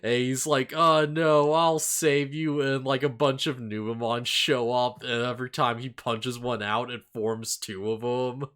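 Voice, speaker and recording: This anime review show co-host has a medium-pitched, fairly bright voice, level in tone at a moderate pace with hardly any pauses. He chats casually and rambles, tossing in fillers and upbeat asides, captured on a face cam with a desk mic.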